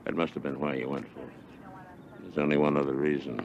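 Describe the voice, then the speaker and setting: An actor playing a shrewd district attorney in a 1980s TV crime drama, taunting a suspect and questioning witnesses in court. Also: male voice, a bass voice, little pitch movement, quick pace, darkish tone, lo-fi sound, a little hiss or hum. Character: shrewd older male district attorney, blunt. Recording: TV soundtrack with music behind.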